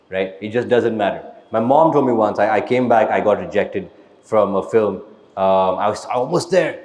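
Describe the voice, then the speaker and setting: A man's voice: lowish voice, darkish tone, roomy sound, in a large hall, low-quality recording. A man answering audience questions in a blunt, motivational way, tagging lines with "right?" and "man". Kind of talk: casual live Q&A talk. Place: event hall with live audience.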